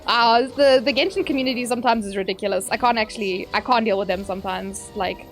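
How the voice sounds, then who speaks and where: A woman's voice: on the high side, quick pace, soft background music. A young woman streaming a game, chatting casually and ranting, with sudden yelps at the action. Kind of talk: casual live-stream chat while gaming.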